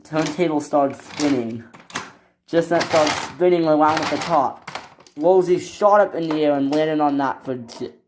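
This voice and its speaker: A man casually narrating a homemade toy train story in a plain, halting way, with frequent restarts. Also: a little high, background noise. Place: indoors at a toy train layout.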